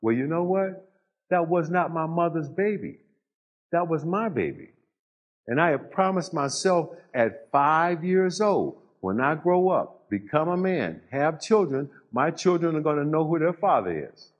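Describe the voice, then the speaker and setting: An older man giving a storytelling speech to a live audience, pausing for effect and building emphasis. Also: fairly high pitch, animated, highs cut off. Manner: storytelling with dramatic pauses and rising emphasis. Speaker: motivational speaker.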